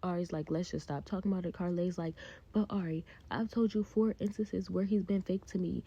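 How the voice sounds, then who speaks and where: A woman's voice: on the low side, fairly even intonation, brisk, dark tone, breathy edge. A woman casually recapping a reality show, chatty and blunt with her opinions. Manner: chatty, blunt opinions, acts out cast quotes. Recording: dull lo-fi sound.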